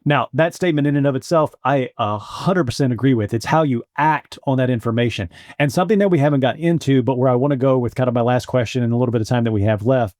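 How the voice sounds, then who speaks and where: A man co-hosting a podcast who talks in a measured way and asks long questions. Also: medium pitch, darkish tone, no echo, studio quality. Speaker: podcast co-host. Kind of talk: casual podcast chat.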